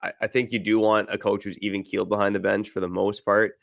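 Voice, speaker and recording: A man's voice: on the low side, level tone, fast talker, gravelly, no echo, clean studio sound. A man hosting a casual sports podcast, easygoing and full of fillers. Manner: easygoing, reads ad copy, filler-heavy. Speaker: podcast host.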